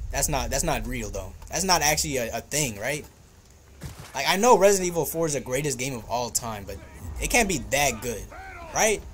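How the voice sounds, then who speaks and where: A man's voice: mid-range voice, a little hiss or hum. A man streaming a game live, joking and trash-talking enemies while talking to himself and his chat. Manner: excitable outbursts, talks to himself and chat. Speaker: gaming streamer. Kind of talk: live gameplay commentary.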